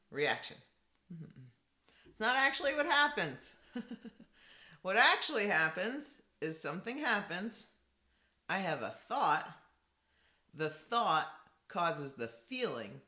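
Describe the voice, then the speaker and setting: Woman, therapist, teaching talk, lively pitch, frequent "right?", roomy echo. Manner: lively, repetitive, asks rhetorical "right?". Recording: echoey room.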